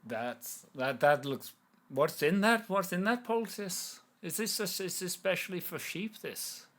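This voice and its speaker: A man voicing a blunt, gruff male hill farmer in an attempted Irish accent, in a tabletop role-play. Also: sits high, expressive, a little slow, fairly bright tone, voice pushed up. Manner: blunt, rough, swearing.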